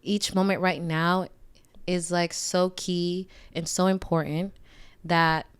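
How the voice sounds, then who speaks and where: A young woman, a mother, giving casual advice in a reflective, lively way. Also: on the low side, slow pace, smooth. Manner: reflective, animated when acting out inner voices. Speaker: guest mother.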